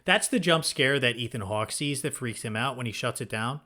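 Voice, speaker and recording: A man's voice: medium pitch, lively intonation, fairly quick, pushed and bright. A man co-hosting a podcast, casually working through ideas about horror films and checking in with "right?". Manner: thinking aloud, many restarts and "right?" checks. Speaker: podcast co-host. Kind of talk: casual film discussion.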